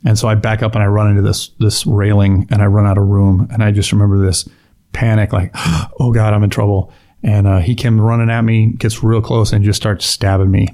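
A man's voice: lowish voice, little pitch movement, fairly quick, dark tone. A middle-aged man, a police officer, recounting an incident in an interview with frequent restarts and quoted lines. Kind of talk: storytelling interview.

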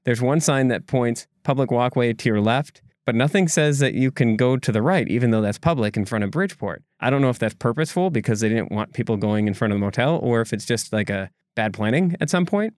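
A man with a mid-range, darkish voice talks a little fast and expressively, barely pausing. He's a podcast co-host relaying a local story in loose, conversational fashion, full of asides and restarts, recorded with clean studio quality and no echo.

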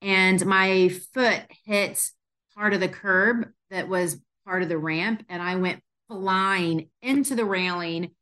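A woman's voice: medium pitch, slow pace. A woman hosting a casual staff chat, telling funny work stories with lots of laughter and fillers. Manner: animated, laughing often, many fillers. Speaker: physical therapy clinic owner hosting staff podcast.

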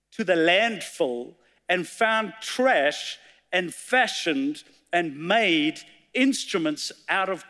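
Male preacher, high pitch, long reverb of a church hall, storytelling sermon. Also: a bit bright. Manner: storytelling, reciting poetry dramatically.

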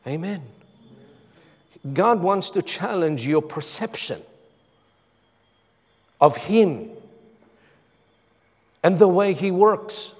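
A male pastor delivers a sermon at an unhurried pace. His voice sits a little high, and he leans into dramatic pauses before pushing up to emphatic calls. The sound rings with the long reverb of a church hall. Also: expressive, slightly rough.

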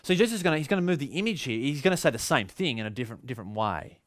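A man's voice: mid-range voice, sing-song, rapid-fire, no echo, clean studio sound. A male pastor with an Australian accent, giving a sermon in a conversational, storytelling way with frequent restarts.

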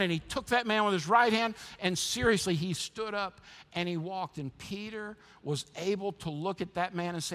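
A man's voice: high-pitched, moderate pace, few pauses, fairly bright tone. A man preaching a sermon as pastor, impassioned and emphatic, often repeating words as he restarts.

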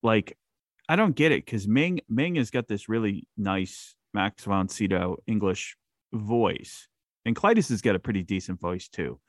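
A man hosting a podcast, chatting casually about a movie in a rambling, animated way with lots of fillers. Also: lowish voice, measured pace, dry recording, studio quality. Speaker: podcast host. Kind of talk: casual film chat.

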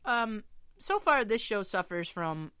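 Co-host lady, bouncy pitch, sharp bright voice, goes off on tangents. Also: unhurried, clean tone, no echo, studio quality. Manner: animated, wry, trails off into asides. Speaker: podcast co-host. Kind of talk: casual chat.

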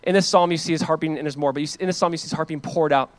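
A man's voice: fairly high pitch, steady tone, very fast, dry recording. A man preaching a sermon as pastor, earnest and emphatic, mixing scripture with casual asides.

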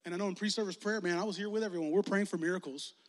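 Animated young youth pastor preaching in hall. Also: male voice, high voice, racing. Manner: casual, animated, acts out quoted voices. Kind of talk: youth sermon with altar call. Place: large hall with audience. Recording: long hall reverb.

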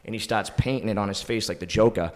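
Guy rattling off a wild story, low voice, talks quick and swears constantly, does everyone's lines. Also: a little hiss or hum. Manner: fast, profane, animated, acts out quotes. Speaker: podcast guest, filmmaker. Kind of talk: anecdotal storytelling in casual conversation.

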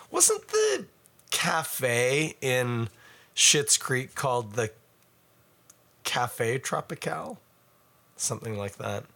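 A man's voice: mid-range voice, vocal fry, pushed and bright. A man giving a casual, rambling beer tasting review full of asides.

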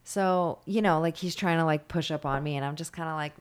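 Low-voiced blunt woman, swearing. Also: fairly even intonation, fast talker, hardly any pauses, smooth. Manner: blunt, profane, mimics others in stories. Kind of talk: casual chat, storytelling.

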